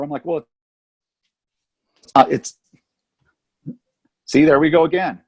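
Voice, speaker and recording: A man's voice: on the high side, takes it slowly, breathy edge. A middle-aged man telling a story in casual chat as a podcast co-host, acting out the voices of the people in it. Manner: animated, acts out voices in his anecdotes.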